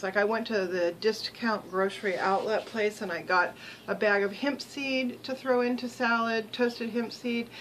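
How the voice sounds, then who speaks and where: A woman's voice: medium pitch, fairly bright tone, slight background noise, poor audio. An older woman vlogging in a rambling, chatty way, with many ums and restarts, sometimes talking while she chews. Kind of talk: casual chat to camera.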